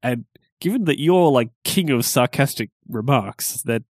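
A man's voice: mid-range voice, lively intonation, unhurried, no echo. A man co-hosting a podcast, talking thoughtfully in a casual chat, with lots of hesitations and fillers. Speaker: podcast co-host.

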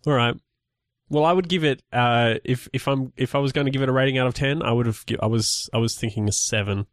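A man's voice: mid-range voice, no echo, studio quality. Rambling man co-hosting a movie podcast. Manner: rambling, halting with many restarts and fillers. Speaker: podcast co-host. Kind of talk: casual chat.

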